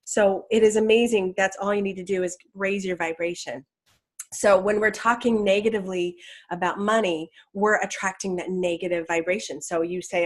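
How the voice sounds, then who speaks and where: A woman's voice: medium pitch, normal speed. Chatty woman teaching law of attraction. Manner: chatty, enthusiastic, many restarts. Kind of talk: casual instructional talk.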